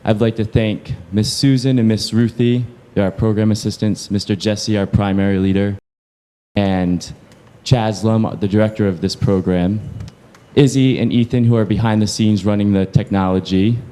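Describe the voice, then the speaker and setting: Man, lowish voice, event organizer reading a thank-you list. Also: steady tone, normal speed. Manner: warm, listing names, inviting people up. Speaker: program organizer. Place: large event hall at a university.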